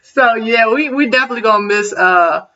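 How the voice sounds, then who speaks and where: High bright lady chatting on a panel, lively, laughs a lot, sounds far off. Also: a little fast. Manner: lively, laughs often, preacherly emphasis. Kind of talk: casual panel chat. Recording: distant dull-sounding mic.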